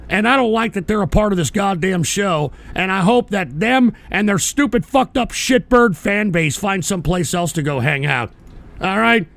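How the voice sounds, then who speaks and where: A man's voice: high-pitched, normal speed, vocal fry, a bit bright. A man hosting a livestream, ranting in a profane, exasperated way with stammering restarts. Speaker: livestream show host. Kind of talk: angry livestream rant.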